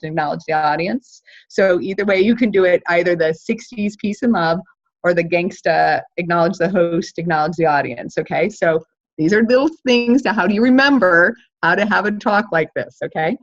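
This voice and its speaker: Animated woman coaching a live workshop. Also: lowish voice, dull audio. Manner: animated, counts steps on her fingers. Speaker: speaking coach.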